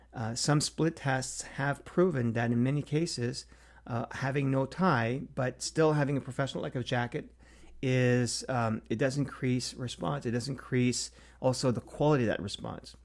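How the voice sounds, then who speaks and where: A middle-aged man talking casually to camera about marketing, thinking aloud with frequent fillers and restarts. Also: mid-range voice. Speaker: marketing consultant hosting a Q&A series. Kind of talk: casual solo talk to camera.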